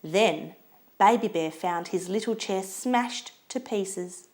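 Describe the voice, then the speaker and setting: A woman reading a children's storybook aloud in an expressive, lilting way. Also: mid-range voice, takes it slowly.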